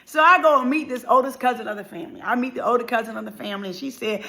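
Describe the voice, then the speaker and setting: A middle-aged woman speaker with a high voice that has a gravelly edge. Her tone is bright and forceful as she tells a personal story in an animated, emphatic way, circling back to a refrain. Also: rapid-fire. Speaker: motivational speaker.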